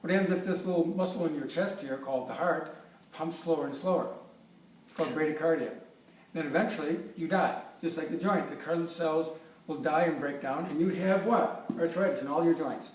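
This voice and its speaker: An enthusiastic chiropractor in his fifties explains with props, joking and restarting his sentences in a fairly high voice. He sounds far from the mic in a very echoey room with faint background noise. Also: fairly quick. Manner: enthusiastic, jokey, stumbling restarts. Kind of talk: informal presentation with props.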